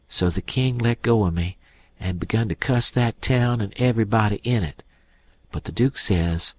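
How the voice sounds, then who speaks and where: A man's voice: fairly low pitch, expressive, moderate pace, breathy edge, no echo. A man narrating an audiobook in a plain, folksy first-person voice.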